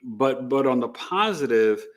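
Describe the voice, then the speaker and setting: A man's voice: mid-range voice, animated, unhurried. A man hosting a casual astrology livestream, chatty and joking as he gives advice. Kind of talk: casual live-stream chat.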